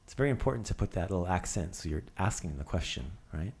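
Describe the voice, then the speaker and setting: A man's voice: low-pitched, animated, fast talker, hardly any pauses, breathy edge. A man hosting a casual language lesson, drilling words with playful asides. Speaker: language teacher.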